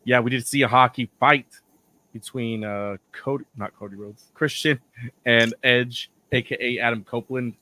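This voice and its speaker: A man with a hoarse voice he is losing, co-hosting a casual wrestling chat and giving blunt opinions. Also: mid-range voice, steady tone, moderate pace, sharp tone. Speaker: podcast co-host.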